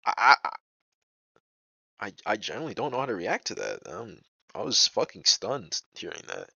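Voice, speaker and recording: A man's voice: lowish voice, wildly swooping pitch, a little fast, creaky, sharp tone, breathy edge, no room sound, highs cut off. A young man telling a personal story in a casual vlog, rambling and profane, full of "bro" and "like". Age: young adult. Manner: agitated, indignant retelling.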